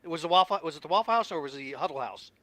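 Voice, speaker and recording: A man's voice: on the high side, animated, racing, pushed and bright. A man in casual chat who chimes in agreeably and trails off mid-thought.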